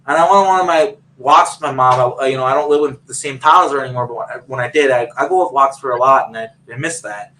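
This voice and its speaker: A man's voice: medium pitch, quick pace, few pauses, bright, forceful tone, slight background noise, rough recording. A man on a video call telling a long personal story in a rambling way, full of fillers and restarts. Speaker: guest.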